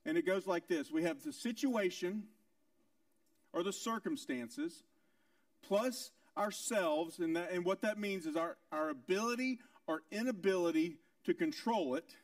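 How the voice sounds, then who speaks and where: A man with a high voice preaches a sermon, driving his points home with rhetorical questions and repetition. He swings from loud, raised lines to hushed, low ones. The sound is dry and picked up from a distance. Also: lively intonation, unhurried, no echo. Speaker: pastor.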